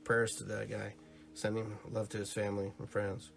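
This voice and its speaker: A man's voice: lowish voice, monotone, normal speed, gravelly, faint music behind. A man hosting a live-streamed podcast, chatting casually and rambling, who greets his viewers and acts out little stories. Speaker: podcast host.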